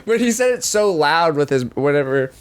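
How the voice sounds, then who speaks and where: A young man in casual podcast chat, his voice sitting a little high. He tells stories with lots of energy, throwing himself into the quoted shouting. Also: normal speed, smooth. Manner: animated storytelling, acts out quoted shouting. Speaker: podcast co-host.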